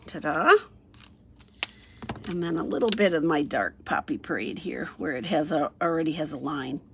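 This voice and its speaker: A woman's voice: deep voice, animated, fairly quick, a little hiss or hum. A woman chatting casually through a craft demonstration, thinking aloud as she colors and cheerfully saying "ta-da" after each step. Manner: chatty, thinks aloud, sing-song "ta-da" while working. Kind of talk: casual craft tutorial narration.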